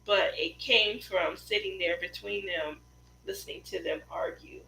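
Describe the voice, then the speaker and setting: Chatty woman with a gravelly edge. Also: medium pitch, measured pace, pushed and bright, echoey room, a little hiss or hum, poor audio. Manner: chatty, laughing, self-deprecating storyteller. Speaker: craft channel host. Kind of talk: casual livestream chat.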